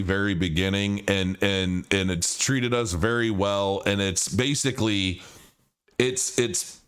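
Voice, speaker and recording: A man's voice: medium pitch, fairly bright tone, clear, resonant tone. A man speaking as a crypto commentator in a loose, unscripted rant. He is blunt and swears freely. He stumbles over repeated words as he restarts his thoughts. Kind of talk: casual vlog rant.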